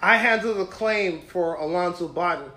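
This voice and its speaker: A man's voice: sits high, normal speed, pushed and bright. A comedian from Brooklyn, a man, casually telling stories in a joking, laid-back way. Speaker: comedian guest. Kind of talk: casual storytelling chat. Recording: echoey room, faint noise.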